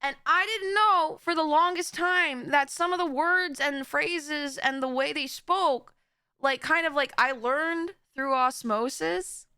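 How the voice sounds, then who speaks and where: Bright high-voiced young woman streamer. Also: slow pace, dry recording, studio quality. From Florida, USA. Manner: chatty, giggly, rambling. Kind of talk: casual reaction stream chat.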